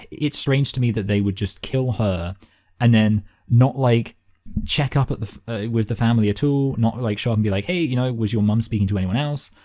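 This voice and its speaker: A man's voice: lowish voice, darkish tone. A man with a Southern English accent co-hosting a film review podcast, rambling and correcting himself as he chats. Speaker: podcast co-host reviewing films. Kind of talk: casual chat.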